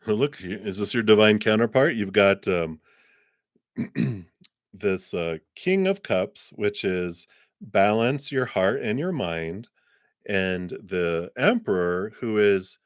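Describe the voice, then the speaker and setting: A man reads tarot cards for viewers on a live stream. His voice sits low, and he talks in a loose, chatty, reflective way, often restarting his sentences. The sound is dry and close to the mic. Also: lively intonation, slow pace, no room sound. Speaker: tarot reader.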